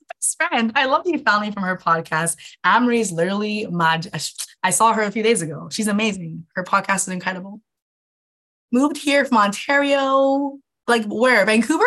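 A woman's voice: medium pitch, lively intonation, moderate pace, fairly bright tone. A young woman hosting a live online masterclass as a wellness coach, bubbly and scattered, laughing often and swearing casually. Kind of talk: casual live-stream chat.

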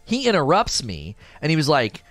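A young man tells a story in a lively, up-and-down voice, jumping into each character's lines and laughing along the way. The sound is dry and close, with faint music underneath. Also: on the high side, normal speed, no room sound. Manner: animated, acts out quoted voices, laughs often. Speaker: storyteller recounting a customer encounter. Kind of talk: casual storytelling chat.

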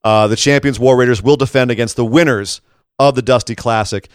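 Smooth-voiced man recapping wrestling. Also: medium pitch, a little fast, no room sound, studio quality. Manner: chatty, animated recapping. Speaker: podcast co-host. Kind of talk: casual wrestling recap chat.

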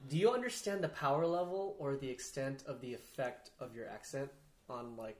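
A man's voice: medium pitch, moderate pace, reverberant. Casual man hosting a podcast. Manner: casual, reacts with short remarks. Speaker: host.

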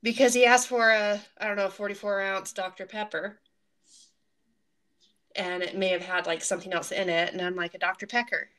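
A woman co-hosting a podcast, chatting casually, supportive and quick to laugh. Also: medium pitch, fairly even intonation, fairly bright tone. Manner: supportive listener, laughs easily. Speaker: podcast co-host. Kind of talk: casual chat.

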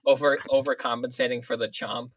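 A player chatting during a tabletop game, playful and quick to laugh. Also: medium pitch, little pitch movement, noisy background. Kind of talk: tabletop role-play chat.

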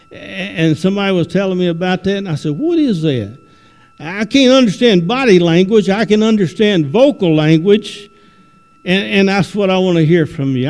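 A man's voice: sits high, a little mellow. A man preaching a sermon as a visiting preacher, in a folksy way that often repeats words and starts over. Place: church sanctuary. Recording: long reverb in a church hall.

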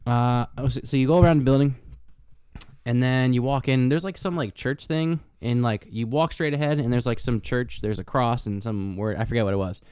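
A man's voice: medium pitch, a little fast, darkish tone, clear, resonant tone, no room sound. A young man from Connecticut co-hosting a podcast, chatting casually and telling rambling, joking stories. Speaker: podcast co-host. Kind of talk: casual chat.

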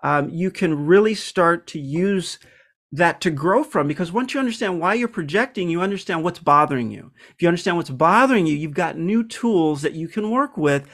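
A man's voice: a little high, animated, normal speed, a bit bright. A man hosting a self-help episode, talking casually and reflectively with frequent ums and restarts. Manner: reflective, many fillers and restarts. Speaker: podcast host.

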